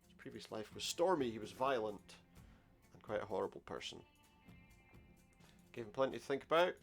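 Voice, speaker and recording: Low gravelly guy doing a let's play, sarcastic asides, faint game music behind. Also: lively intonation, normal speed. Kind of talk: casual game commentary, reading game dialogue aloud.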